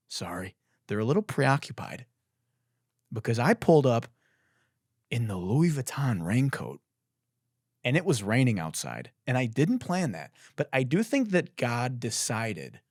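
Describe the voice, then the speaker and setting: A man's voice: medium pitch, big pitch swings, unhurried, darkish tone, dry recording, clean studio sound. A young man hosting a podcast, delivering a profane, mock-dramatic comedic monologue full of boasting. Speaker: podcast host.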